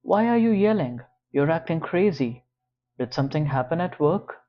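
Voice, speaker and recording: A man puts on a young college woman whose voice climbs well above his usual register, strained and urgent as she defends herself. Her lines come loud and pressing. The audio sounds slightly muffled. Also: on the high side, expressive, normal speed, pitched above the performer's own voice, close to an everyday voice. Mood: alarmed.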